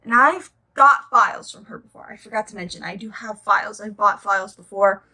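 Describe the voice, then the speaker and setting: A woman's voice: mid-range voice, a little fast, sharp tone. A young woman chatting casually as she reviews her nail polish collection, gushing and rambling into side stories.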